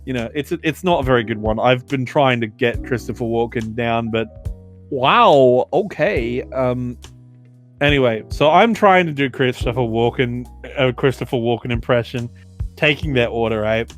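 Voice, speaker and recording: Aussie podcast co-host, young, casual swearing storyteller, lots of fillers. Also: male voice, medium pitch, a little fast, soft background music. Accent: Australian. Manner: animated, swearing, filler-heavy.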